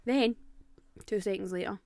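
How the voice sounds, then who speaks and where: A young Scottish woman co-hosting a podcast, telling ghost stories in a lively, swearing, animated way. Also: medium pitch, normal speed, no room sound. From Scotland. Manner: animated storyteller, swears freely, acts out voices. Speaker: podcast co-host. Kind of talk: casual chat, storytelling.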